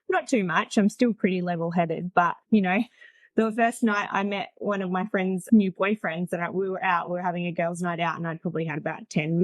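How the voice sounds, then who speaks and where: A woman in her forties recounts her own story as a podcast guest, chatty and frank, laughing easily. Her voice sits on the low side. The recording is dry and close. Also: no room sound. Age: 40s. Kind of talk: casual storytelling.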